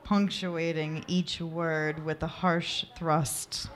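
Soft-reading woman narrator. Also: sits low, level tone. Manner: soft, unhurried reading with occasional laughs at slips. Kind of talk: amateur erotic story reading.

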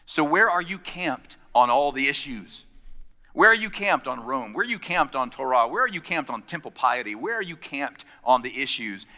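A man preaching a sermon, telling stories and acting out the quotes, dropping from loud to hushed. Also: mid-range voice, sing-song, moderate pace, big-room sound. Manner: storytelling with acted-out quotes, swinging from loud to hushed. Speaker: pastor.

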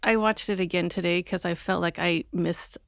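A woman hosting a podcast in casual chat, with wry, dry humor and quick agreeing interjections. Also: fairly low pitch, steady tone, no echo. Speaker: podcast host.

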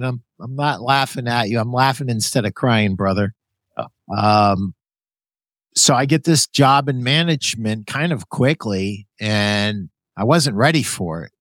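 A man hosting a podcast interview, chatting casually in an animated, jokey way and telling his own stories. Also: lowish voice, measured pace, no room sound. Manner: animated, jokey, laughs often, calls guest "brother". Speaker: podcast host.

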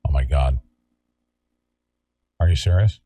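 A man from California hosting a talk show, ranting loudly and sarcastically in a combative way. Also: rumbling low, slow pace, husky, no echo. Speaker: show host. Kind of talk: heated talk-show rant.

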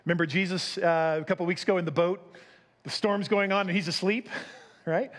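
A man's voice: high-pitched, steady tone, brisk, fairly bright tone. A man preaching a sermon as pastor, conversational, asking the congregation questions and acting out quotes.

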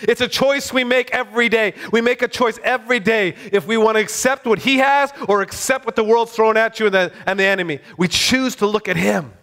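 A man's voice: high voice, fairly even intonation, fairly quick, few pauses, a bit bright. A man preaching a sermon in a fervent, exclaiming way.

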